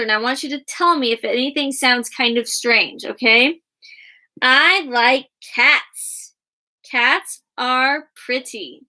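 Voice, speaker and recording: Kindergarten teacher lady going real slow, sing-songy, spelling words out for little kids. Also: high-pitched, bright, forceful tone. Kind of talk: guided reading and writing lesson for young children.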